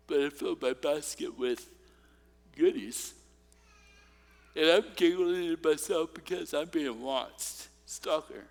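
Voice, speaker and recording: A man with a notably high voice preaches slowly and deliberately, mixing light humor with earnest encouragement. His words ring out with a long echo through a large church hall. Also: gravelly. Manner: humorous, personal storytelling. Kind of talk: sermon.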